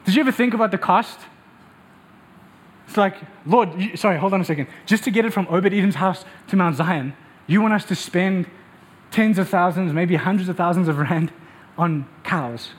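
A man's voice: high-pitched, normal speed. A young man from South Africa preaching a sermon, telling stories animatedly and acting out quotes. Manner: animated storytelling with acted quotes.

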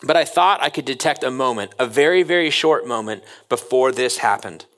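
A man's voice: medium pitch, a little fast. Man preaching a sermon. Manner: reads passages aloud, then acts out excited children's voices. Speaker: pastor.

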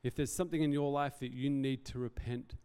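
A man delivers an earnest, conversational sermon, breaking into self-deprecating asides between his points. His voice is warm and mellow. He is heard in a hall with long reverb. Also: mid-range voice, steady tone, brisk, clean tone. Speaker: pastor.

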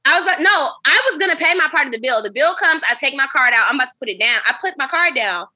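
A woman hosting a casual chat, telling a long story in an animated, profane, dramatic way. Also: high voice, quick pace. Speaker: podcast host.

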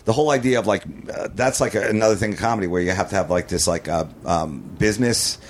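A man's voice: lowish voice, fast, husky. A man chatting as a comedian guest on a podcast, rambling, trailing off mid-thought, restarting sentences and chuckling at his own stories. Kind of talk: casual podcast chat.

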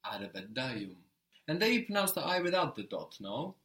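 A man teaching a one-on-one language lesson, explaining patiently and often checking with a quick question. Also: mid-range voice, very animated, a bit bright.

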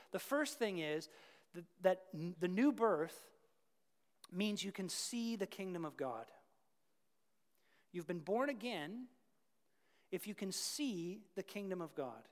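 A pastor preaching a sermon emphatically, repeating words for stress and swinging between hushed whispers and loud bursts. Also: mid-range voice. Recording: long hall reverb.

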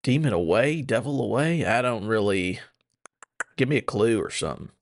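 A man's voice: mid-range voice, animated, moderate pace, dry recording, studio quality. A man co-hosting a podcast in a casual, jokey manner, drifting into rambling asides. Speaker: podcast co-host.

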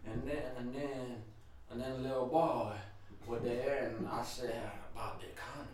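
Guy doing a muddled old man impression, slow and quiet, rambling, big echoey room, mic far off. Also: medium pitch, fairly even intonation, a little hiss or hum, close to an everyday voice.

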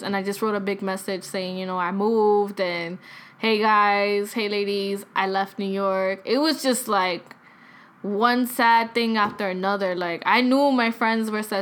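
A woman's voice: mid-range voice, fairly bright tone. A young woman in her twenties telling a rambling story in casual chat, full of filler words and swearing. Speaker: vlogger.

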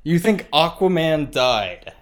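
A man's voice: a little high, sing-song, slow pace. A man co-hosting a podcast, teasing his partner with dry, skeptical questions and jokes. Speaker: podcast co-host. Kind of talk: comedic banter.

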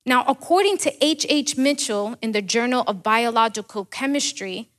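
A woman's voice: fairly high pitch, animated, normal speed, fairly bright tone. A woman preacher delivering a sermon, asking rhetorical questions and repeating key words for emphasis.

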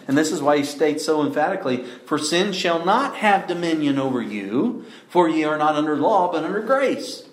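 Guy preaching a sermon, emphatic, rhetorical questions, mid pitch, echoey room. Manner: emphatic, asks rhetorical questions, slows for stress.

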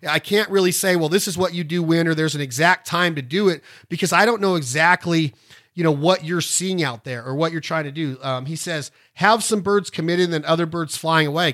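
A middle-aged man, hosting a casual instructional talk in a folksy, rambling way. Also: a little high. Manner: folksy and rambling, breaks into loud duck calls. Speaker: podcast host and duck calling instructor.

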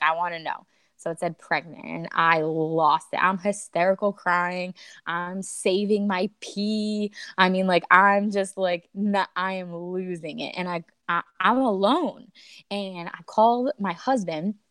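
A woman's voice: mid-range voice, no echo. A young woman, a podcast guest, telling a personal story in a chatty way, often quoting herself.

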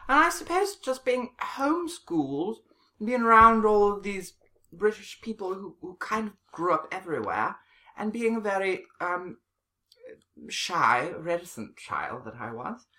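A woman's voice: mid-range voice, sing-song, pushed and bright. A woman playing a pompous male opera snob with an affected posh accent, fussy and hesitant. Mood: flustered. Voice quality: fussy, hesitant, drawn-out pauses. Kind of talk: improvised comedy sketch.

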